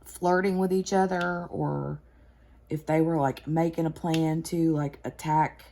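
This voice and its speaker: Slow, low-voiced woman rambling through a story. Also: fairly even intonation, warm tone, a little hiss or hum. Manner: rambling storyteller, many fillers and restarts. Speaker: craft channel host. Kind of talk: casual chat while crafting.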